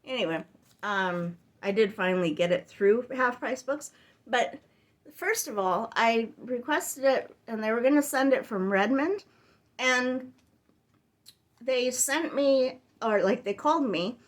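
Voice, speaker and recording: A woman's voice: on the high side, unhurried. A woman giving a casual reading update on her book channel, chatty and rambling, full of tangents and filler words. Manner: chatty and exasperated when complaining. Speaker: book vlogger.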